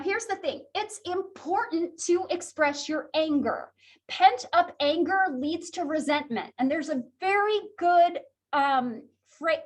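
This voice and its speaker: A young adult woman lecturing a psychology class in a chatty way, with asides to her students. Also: high voice. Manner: animated, chatty, with asides and laughs. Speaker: psychology instructor.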